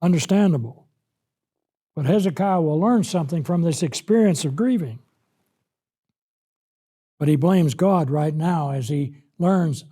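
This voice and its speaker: A man's voice: a little high, unhurried, long pauses, mellow. A man preaching a Bible lesson, acting out the scripture in the first person as he explains it. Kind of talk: sermon-style Bible lesson.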